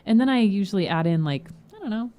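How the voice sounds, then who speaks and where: A woman's voice: mid-range voice, lively intonation, fast talker, a crowd in the background. A woman co-hosting a casual podcast, chatty and laughing often as she tells stories. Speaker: podcast co-host.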